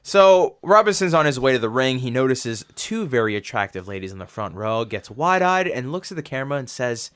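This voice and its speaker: A man's voice: medium pitch, very animated, a little fast, few pauses, fairly bright tone, smooth. Guy cohosting a wrestling podcast, swears a ton, rambles and laughs, just hanging out talking. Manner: rambling, laughs often, curses freely. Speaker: podcast host reviewing wrestling. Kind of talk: casual profane chat and recap.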